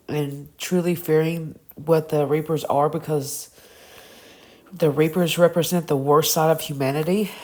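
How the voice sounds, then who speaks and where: A woman with a Southern US accent, low-pitched and slow, reads out her review notes of a TV series. She is halting and stumbles over cast names, with unhurried pacing throughout. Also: a little mellow. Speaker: show reviewer. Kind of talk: reading review notes aloud.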